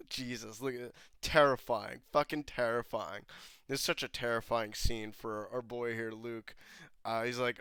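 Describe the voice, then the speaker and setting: A man's voice: mid-range voice, fairly even intonation, normal speed, a bit bright, smooth, no echo. Profane, rambling young man reviewing a show. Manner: profane, rambling, laughing often. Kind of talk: casual episode breakdown.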